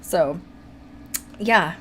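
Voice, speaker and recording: A woman's voice: fairly low pitch, very slow, pushed and bright, slight background noise. A young adult woman hosting a paranormal podcast, chatting casually with many fillers and frequent laughter. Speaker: podcast host. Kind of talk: casual chat.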